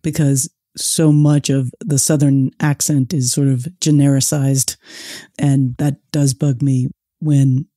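Mellow-voiced woman co-host. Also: extremely low pitch, flat delivery, takes it slowly, no room sound, studio quality. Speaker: podcast co-host. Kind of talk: casual interview talk.

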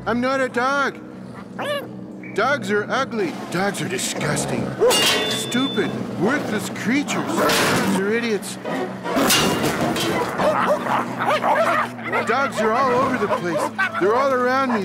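Cartoon lead: sardonic lazy male cat, high pitch, drawling delivery over loud score. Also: sing-song. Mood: panicky. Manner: dry, sarcastic, slow drawl. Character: sarcastic lazy orange male tomcat. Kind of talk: cartoon voice acting. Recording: loud cartoon music behind.

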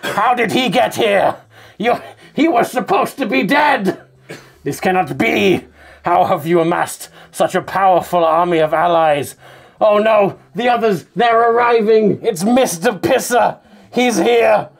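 A man's voice: high-pitched, measured pace, creaky, full character voice. A man improvising a boastful, bumbling male supervillain who monologues theatrically. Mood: panicked. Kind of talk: improvised comedy presentation.

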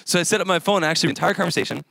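A man's voice: high voice, racing, gravelly, sharp tone, dry recording, clean studio sound. A man in his thirties giving a casual sermon as a young adults pastor, telling a story in a chatty, rambling way with lots of fillers.

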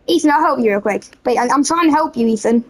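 A woman hosting a gaming video, giving excitable gameplay commentary full of playful yelling and teasing. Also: sits high, fast.

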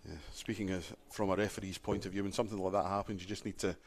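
A man commentating on a darts match in a relaxed, chatty way, laughing easily between calls. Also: sits low, fast. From Wales. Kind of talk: live sports commentary.

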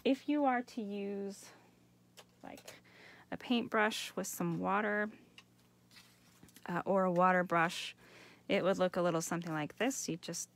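Chatty woman with a gravelly edge. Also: medium pitch, fairly even intonation, a little slow, pauses often. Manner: chatty, enthusiastic, addresses viewers as you guys. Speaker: craft host. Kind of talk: live craft demonstration. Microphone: home setup for a live stream.

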